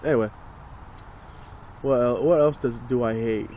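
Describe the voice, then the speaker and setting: A man's voice: mid-range voice, normal speed, warm tone, a little hiss or hum. A man ranting casually and sarcastically into a phone, rambling and swearing as he talks. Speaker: vlogger.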